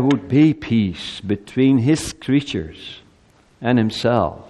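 A man in his fifties preaching a Christmas sermon to his congregation. His delivery swings between soft, quiet asides and loud, high climaxes. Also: animated, slow pace, long reverb tail. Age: 50s. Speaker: pastor.

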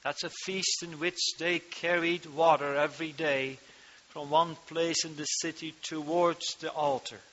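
A man preaching a sermon into a microphone to his congregation, slow and emphatic, rising to loud cries on key words, speaking with a turn of phrase. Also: on the high side, fairly even intonation. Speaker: pastor. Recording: dull lo-fi sound.

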